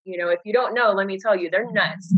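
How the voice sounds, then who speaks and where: An earnest woman in her thirties, openly telling her own story as a guest on a recorded conversation. Her voice is husky and a little breathy. The sound is dry and dull, like a lo-fi recording. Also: mid-range voice, quick pace, no echo. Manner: earnest, open, animated when quoting others.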